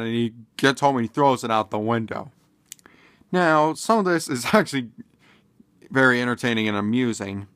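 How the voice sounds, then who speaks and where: A man's voice: medium pitch, lively intonation, normal speed, fairly bright tone, dry recording, studio quality. A man casually commenting in a vlog, rambling and hesitant with many fillers and restarts. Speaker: video commentator.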